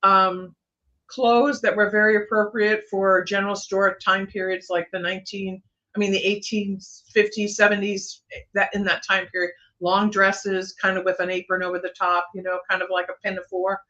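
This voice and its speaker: Bright-voiced woman telling a ghost story. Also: medium pitch, little pitch movement, moderate pace, muffled recording. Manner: meandering, with many fillers and restarts. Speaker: psychic guest. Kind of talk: casual storytelling on a livestream.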